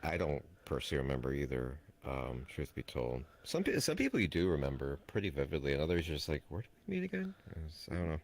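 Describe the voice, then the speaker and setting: Very deep-voiced, fast-talking man. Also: very animated. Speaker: guest friend. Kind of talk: casual chat.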